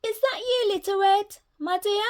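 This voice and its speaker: Woman doing a chirpy old granny. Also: moderate pace. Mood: cheerful. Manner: high, bright and chirpy. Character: kindly feisty old grandmother.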